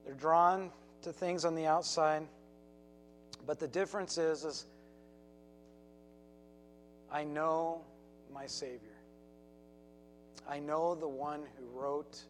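A man voicing an old male preacher with a gravelly, plain and quiet way of speaking. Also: a little high, fairly even intonation, takes it slowly, long pauses, big-room sound, slight background noise. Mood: earnest.

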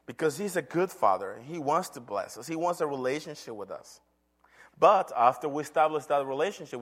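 A man's voice: a little high, a bit bright. A middle-aged man, a church elder, giving an earnest sermon testimony told as a story. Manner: earnest, storytelling with acted quotes.

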